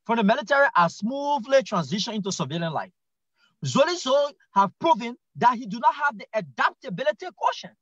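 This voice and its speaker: A man's voice: very high voice, big pitch swings, a little fast, fairly bright tone, slightly rough, no echo, highs cut off. A man with a Liberian English accent, a guest commentator on a political talk show, arguing his point emphatically, repeating himself and restarting lines. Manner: emphatic, repetitive argument with stammered restarts.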